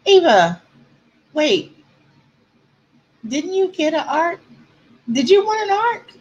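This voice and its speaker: A woman's voice: very high-pitched, big pitch swings, takes it slowly, highs cut off. A woman author chatting with her viewers on a livestream, answering comments and close to tears at times. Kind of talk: casual livestream chat.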